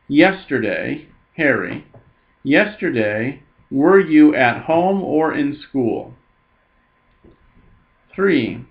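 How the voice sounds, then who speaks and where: A man teaching a recorded Latin lesson, patiently reading each phrase slowly and then explaining it. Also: fairly high pitch, gravelly, highs cut off.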